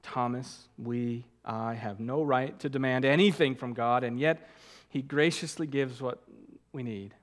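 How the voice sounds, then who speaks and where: A man preaching a sermon as a pastor, earnest, slowing down to stress key words. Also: mid-range voice, steady tone.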